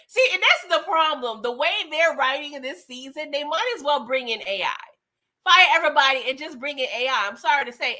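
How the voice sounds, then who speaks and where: High, bright-voiced animated woman streamer. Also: moderate pace. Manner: animated, laughs often, talks to the chat. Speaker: livestream host reviewing a TV episode. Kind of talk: casual live-stream chat.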